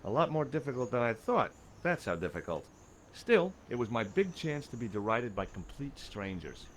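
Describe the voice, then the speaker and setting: Game casting: deadpan, sarcastic hero, lively pitch, light ambience behind. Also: male voice, normal speed, a little hiss or hum. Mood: wry. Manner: dry, sarcastic narration. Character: wry, sardonic male adventurer narrating.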